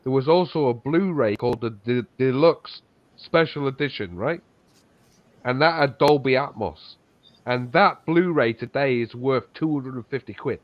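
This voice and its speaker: A man chatting on a live stream, excitable and swearing often as he tells stories. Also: mid-range voice, normal speed, no echo. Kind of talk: casual chat on a live stream. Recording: dull, lo-fi call audio.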